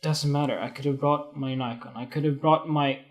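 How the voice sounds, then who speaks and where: A young man talks off the cuff to a live stream audience, rambling from one thought to the next. He is blunt and curses freely, and his voice sits slightly higher than most men's. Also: steady tone, moderate pace. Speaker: photography podcast host. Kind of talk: casual solo talk on a live stream.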